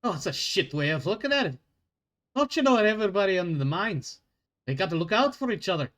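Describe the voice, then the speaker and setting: A man doing a gruff, surly dwarf guard. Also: high voice, big pitch swings, quick pace, fairly bright tone, voice pushed up. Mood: scornful. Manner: growling, swearing, rough dialect.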